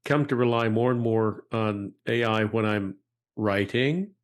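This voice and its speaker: A man hosting an interview, affable and quick to agree with his guest. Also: fairly low pitch. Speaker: interview host. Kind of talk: casual interview talk.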